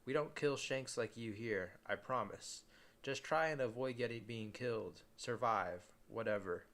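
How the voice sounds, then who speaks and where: A man reading as a gruff young leader. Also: medium pitch, unhurried, a bit bright. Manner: rough slangy speech. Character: gruff blunt young male group leader.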